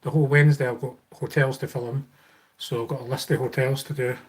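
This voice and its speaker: A man's voice: medium pitch, level tone, fairly quick. Chatty Scottish man on a live stream. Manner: rambling, thanks donors, frequent fillers and restarts. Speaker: YouTube channel host.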